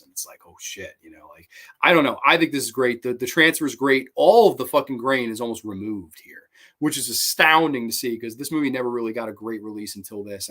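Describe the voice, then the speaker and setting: A man hosting a podcast, giving a casual, rambling film review full of fillers and swearing. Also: medium pitch. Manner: rambling, profane, animated, lots of fillers. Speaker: podcast host.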